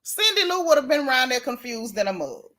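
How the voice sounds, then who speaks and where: A middle-aged woman, hosting a casual gossip livestream, animated and sassy as she reads out viewer comments. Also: sits high, brisk. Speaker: livestream host.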